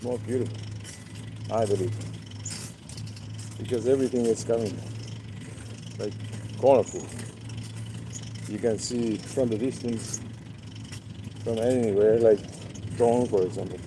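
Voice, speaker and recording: Slow, rambling man with street noise. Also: fairly low pitch. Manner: rambling, repeats words, many fillers. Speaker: livestream host. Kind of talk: casual live-stream monologue.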